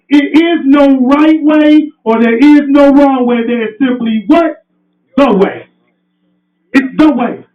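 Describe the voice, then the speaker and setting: A passionate, fiery man gives a motivational speech in a very high voice. He sounds far from the mic in a roomy space, and the sound is dull and muffled. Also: normal speed. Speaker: motivational speaker. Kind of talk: motivational speech to a live audience. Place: event room indoors.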